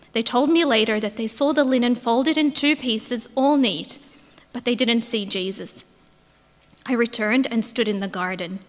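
A woman's voice: a little high, a bit bright, close to an everyday voice. A woman acting as Mary Magdalene, reading a heartfelt first-person account in a church. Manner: earnest, heartfelt storytelling. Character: Mary Magdalene, grieving then overjoyed woman disciple. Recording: echoey church hall.

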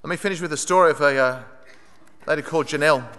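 A preacher with a high, bright, clear voice tells a story from the pulpit. He is earnest and animated, and his voice rings out in a large echoing hall. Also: fast. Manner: earnest, animated retelling, raising his voice for quoted pleas. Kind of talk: sermon storytelling.

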